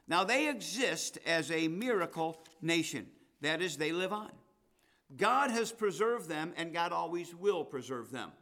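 A man preaching a sermon, reading scripture and swinging between loud declarations and quiet asides. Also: high voice. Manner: emphatic, rising to loud declarations and dropping to asides.

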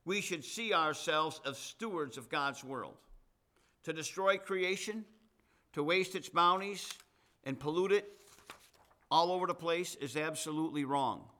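Bright-voiced male pastor preaching. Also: fairly high pitch, measured pace. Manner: conversational preaching with asides and folksy humor. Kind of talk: sermon.

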